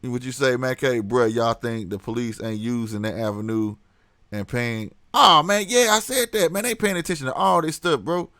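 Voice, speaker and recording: A man's voice: medium pitch, normal speed, no echo. A man hosting a casual livestream, talking animatedly to his chat, laughing often. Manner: animated, laughs a lot, reads chat aloud. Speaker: livestream host.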